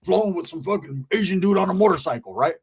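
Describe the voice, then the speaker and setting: A hot-headed biker buddy who holds every grudge, as a storyteller puts him on. He talks loud, fast and profane in a somewhat husky voice. Everything comes out indignant. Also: high-pitched, expressive, pitched above the performer's own voice, heavily acted. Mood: insistent. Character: brash grudge-holding male biker buddy.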